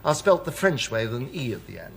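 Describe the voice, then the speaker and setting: An actor playing a smooth, evasive senior civil servant, in a British TV sitcom. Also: male voice, mid-range voice, quick pace. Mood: smooth, patronizing. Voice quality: smooth, lively and patronizing. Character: suave, evasive senior male civil servant, middle-aged. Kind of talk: 1980s British TV sitcom acting. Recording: old TV audio with background noise.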